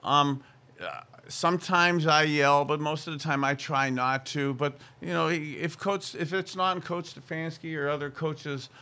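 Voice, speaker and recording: A man's voice: a little high, fairly even intonation, measured pace, sharp tone. A middle-aged man hosting a sports show, talking football in an emphatic, rambling way. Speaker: show host, former quarterback. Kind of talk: casual sports talk.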